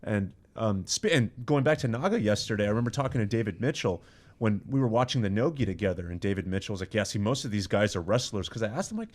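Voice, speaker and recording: A man with a somewhat low voice chats casually as a podcast guest. He tells lively, animated stories, laughs often and restarts his phrases on the fly. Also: quick pace. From Iran. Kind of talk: casual chat.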